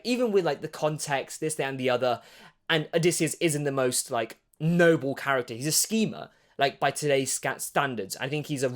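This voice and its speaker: A man's voice: on the high side, fairly bright tone. A man hosting his own channel, chatting in a rambling way with wry asides. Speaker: vlog host. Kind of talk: casual monologue.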